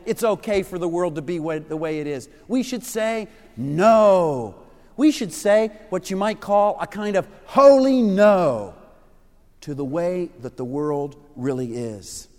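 A man's voice: high-pitched, darkish tone, in a large hall. A middle-aged man preaching an earnest, emphatic sermon to young listeners, repeating key phrases. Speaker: pastor. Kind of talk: sermon to children and youth.

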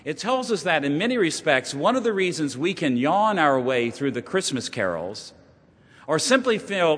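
A man preaching a sermon, telling stories, sometimes dropping to a hush and then building up with emphasis. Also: mid-range voice. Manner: storytelling, shifting from hushed to rising emphasis. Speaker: pastor. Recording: long hall reverb.

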